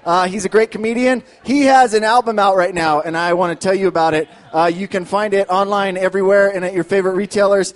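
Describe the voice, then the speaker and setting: A man's voice: high voice, fairly even intonation, fast talker, few pauses. A man introducing the next comedian on stage, brief and plain, with a few fillers. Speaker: show host introducing a comedian.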